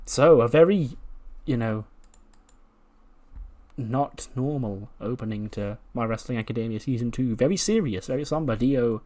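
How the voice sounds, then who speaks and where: A man's voice: medium pitch, moderate pace, mellow. A man casually narrating a wrestling management game as its regular host, chatty and often laughing. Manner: chatty, laughs often, retells scenes with quoted voices. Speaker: game commentator.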